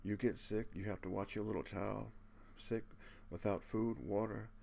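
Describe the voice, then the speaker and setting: A man with a gravelly, low-pitched voice delivers an impassioned monologue to his viewers. He sounds earnest and preachy, keeps tacking "man" onto his sentences and curses without holding back. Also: steady tone, normal speed, warm tone. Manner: blunt, curses casually. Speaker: video channel host.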